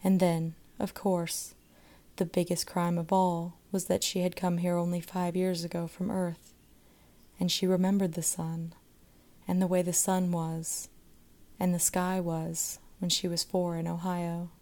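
A woman narrating a short story aloud in a measured, expressive way. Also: lowish voice.

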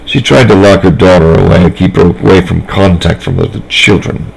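A man reading a story aloud, voicing a cautious male doctor who speaks slowly and gravely. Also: sits low, steady tone, exaggerated voice, poor audio. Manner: slow, grave and deliberate. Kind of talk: fan fiction reading aloud.

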